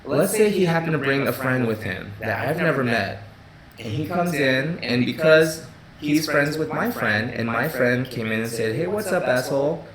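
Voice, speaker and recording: A man's voice: mid-range voice, animated, moderate pace, a crowd in the background. A man hosts a live stream from his office in loose, casual talk. He restarts and repeats himself, filling gaps with "you know" and "right?". His voice rings in a roomy space with a murmur of people behind him. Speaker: groomer hosting a live Q&A stream.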